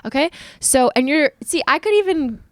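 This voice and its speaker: A young woman from Canada, co-hosting a podcast and telling a story in animated casual chat, acting out the dialogue. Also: high-pitched, moderate pace, no room sound, studio quality. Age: young adult. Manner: animated, acts out dialogue, frequent "like". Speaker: podcast co-host.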